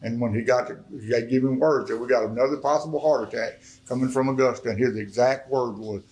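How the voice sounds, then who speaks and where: Guy from arkansas preaching his testimony, folksy storyteller, middle-aged, mid-pitched voice. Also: quick pace, few pauses, darkish tone, low-quality recording. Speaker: guest speaker. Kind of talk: testimony sermon.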